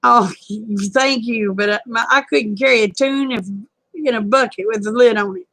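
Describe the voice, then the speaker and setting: Woman, raspy twang, a touch high, dry close phone mic; folksy livestream host, worn out. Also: moderate pace, a bit bright, no room sound, rough recording. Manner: folksy, rambling, self-deprecating. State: tired. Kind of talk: casual livestream chat with viewers. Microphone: phone camera close up.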